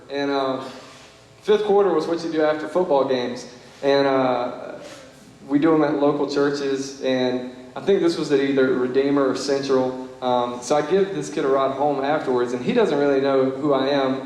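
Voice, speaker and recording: A man's voice: on the high side, a little mellow. A young man giving an earnest, conversational banquet speech, telling stories full of "you know" and "like". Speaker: Young Life leader giving a banquet talk. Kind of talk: storytelling speech. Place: large banquet hall. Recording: very echoey hall with long reverb.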